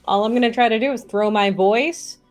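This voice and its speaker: A woman's voice: a little high, a little fast, faint music behind. A woman playing a tabletop game, talking through her rolls in an upbeat, matter-of-fact way. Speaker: player. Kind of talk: casual tabletop game play.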